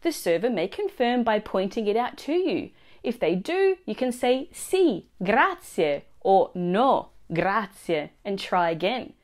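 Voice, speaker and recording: A woman teaching a language lesson, explaining phrases and their pronunciation clearly and slowly. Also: medium pitch, big pitch swings. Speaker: Italian teacher.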